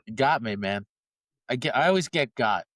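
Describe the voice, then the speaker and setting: A man co-hosting a casual podcast, teasing and chiming in with quick remarks. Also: medium pitch, lively intonation, a bit bright, dry recording, clean studio sound. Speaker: podcast co-host. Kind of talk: casual chat.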